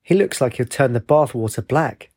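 A man's voice: medium pitch, lively intonation, normal speed, mellow, husky. A man reading the lines of a blunt young woman student in a storybook. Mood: puzzled.

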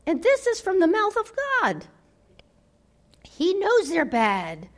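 A woman preaching a sermon, dramatic, swinging from loud declarations to hushed near-whispers. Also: extremely high pitch, huge pitch swings, slow.

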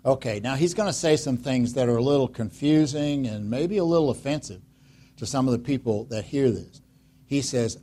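Man, pastor, sermon, conversational, rhetorical questions, mid-pitched voice. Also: moderate pace. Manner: conversational, acts out voices of listeners and Jesus; lively, rhetorical questions, drops to quiet emphasis.

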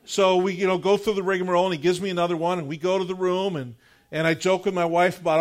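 A middle-aged male pastor preaching a sermon, telling a personal story in an animated, conversational way before leading into prayer. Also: sits high. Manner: earnest, measured prayer closing the sermon.

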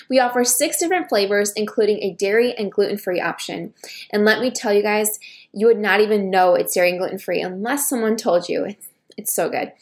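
A woman podcast host reading a sponsor message in an upbeat way. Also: medium pitch. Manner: brief supportive backchannels, upbeat ad read. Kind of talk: interview and read ad.

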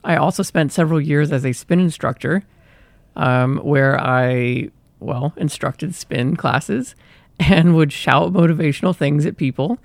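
A man's voice: a little high, a little slow, creaky, no room sound. A young man hosting a solo podcast, talking casually and self-deprecatingly and acting out his own inner voice. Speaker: podcast host.

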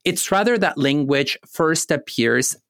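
A man co-hosting a casual scholarly discussion, explaining ideas in a measured way with touches of light humor. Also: on the high side, expressive, gravelly, fairly bright tone, no echo, studio quality. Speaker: podcast co-host.

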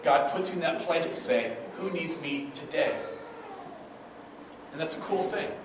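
A man gives a conversational sermon from the pulpit and keeps asking his listeners "right?". His voice is picked up from a distance, so it sounds far off. It rings through a very echoey hall over a clear layer of room noise. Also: a little high, measured pace. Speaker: pastor.

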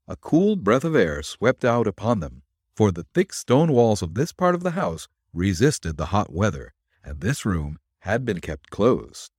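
Low, lively male storyteller. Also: a little slow, slightly rough, dry recording, studio quality. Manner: expressive, dramatic reading. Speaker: podcast narrator. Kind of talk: storytelling narration.

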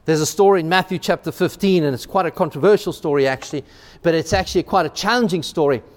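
A male pastor preaching a sermon in a church, animated, often repeating words and acting out quotes. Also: a little high, long reverb tail.

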